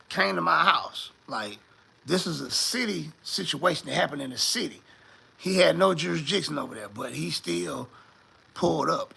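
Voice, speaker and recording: A man, telling a story in a casual, animated and profane way and acting out the other people in it. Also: a little high, vocal fry, husky.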